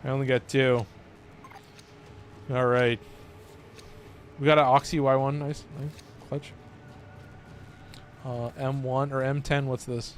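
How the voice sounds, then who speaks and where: Taking it slowly with long pauses, a medium-pitched man with a Californian accent talks in a level tone during a gaming live stream. He's loose and jokey and swears often, over slight background noise.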